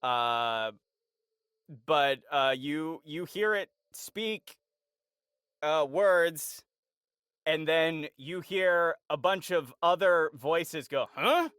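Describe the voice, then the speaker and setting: A male game master narrating a tabletop game, slow and hesitant, with many fillers. His voice is bright and clear, and it rises and falls a lot. The sound is dry and close. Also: a little high, no echo.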